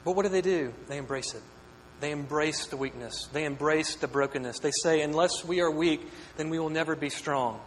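A man's voice: fairly high pitch, fairly even intonation, moderate pace, hardly any pauses. A pastor preaching a sermon, earnest and questioning, often repeating words as he builds a point. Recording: echoey hall with long reverb, faint hum.

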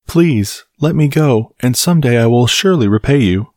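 A timid little female mouse from a bedtime fable begs in a lifted, earnest voice, as a male narrator puts her on. Her tone sits well above the speaker's own deep register, and the air around her is dry and close. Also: animated, moderate pace, a little mellow, no echo, natural voice. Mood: pleading. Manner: begging, high and earnest.

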